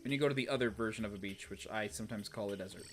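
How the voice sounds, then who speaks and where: A young man commentating a video game stream, exasperated and talking to himself, swinging from low muttering to loud outbursts. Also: rapid-fire, faint music behind. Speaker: gaming streamer. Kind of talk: let's play commentary.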